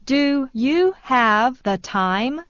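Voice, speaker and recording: A woman reads English phrases for learners at a very slow, deliberate pace. Her voice sits a little high. The sound is dry and dull, with a muffled top end. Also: smooth, no echo. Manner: slow, even repetition of each phrase. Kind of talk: slow scripted phrase reading.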